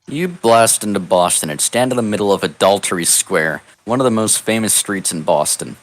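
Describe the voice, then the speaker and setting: Low-voiced man, deadpan narration. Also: unhurried. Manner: deadpan, absurd storybook delivery. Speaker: narrator of an improvised text adventure. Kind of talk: mock-epic comedic narration. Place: online voice call.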